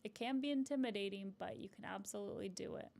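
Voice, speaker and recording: A woman's voice: medium pitch, quick pace, vocal fry, darkish tone. Encouraging woman therapist, chatty and explanatory. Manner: conversational, often ends points with a checking "right?". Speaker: couples therapist. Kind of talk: live-streamed advice chat answering viewer comments.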